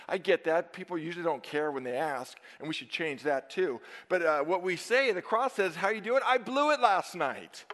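Emphatic pastor preaching in a reverberant sanctuary. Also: male voice, sits high, fairly bright tone. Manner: emphatic, dynamic preaching with sudden drops to near-whisper. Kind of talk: sermon. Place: church sanctuary. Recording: long reverb of a church sanctuary.

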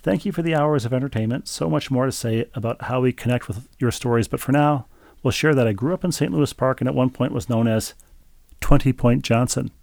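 Gravelly guy cohosting a podcast, reading mail out loud, dry jokey delivery, dead dry sound. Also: medium pitch, no room sound. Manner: dry, joking, halting with repeated words. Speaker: podcast co-host. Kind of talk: casual chat, reading listener mail.

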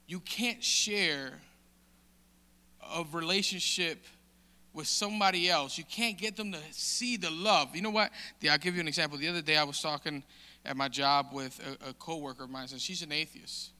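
A man giving a casual, halting testimony in a sermon, with many restarts and fillers. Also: fairly high pitch, sharp tone. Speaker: church member sharing testimony. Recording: long hall reverb.

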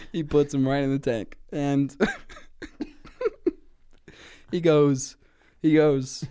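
A man's voice: fairly high pitch, fairly even intonation, mellow, smooth. A man co-hosting a comedy podcast, spinning an improvised silly story with frequent giggles and restarts. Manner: giggly, halting, lots of laughing and restarts. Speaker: podcast co-host.

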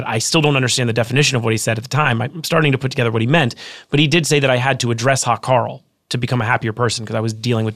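A man in his thirties, an author guest telling his story in a casual interview, earnest and quick with frequent restarts. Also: mid-range voice, fairly bright tone, no echo, studio quality.

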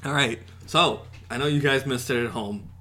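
A man co-hosting a podcast in casual chat, excitable and rambling with lots of fillers. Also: medium pitch, normal speed, a little hiss or hum. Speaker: podcast co-host.

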